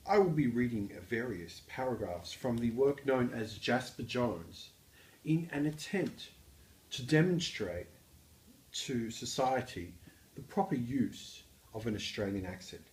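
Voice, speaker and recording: A man giving a mock-formal, pompous and deadpan introduction as a guest reader. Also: mid-range voice, unhurried, roomy sound.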